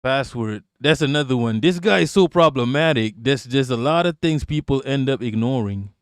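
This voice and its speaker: A man's voice: mid-range voice, expressive, moderate pace, smooth, no room sound, clean studio sound. A man streaming live, giving sarcastic, profane commentary and answering his chat. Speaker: streamer reacting to a clip and chat.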